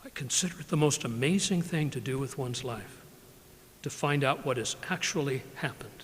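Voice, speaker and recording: An older man giving a live poetry reading of his own work, measured and unhurried, often softening his voice. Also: mid-range voice. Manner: measured, unhurried reading with soft drops in level. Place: library event room, live audience. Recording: reverberant live room recording.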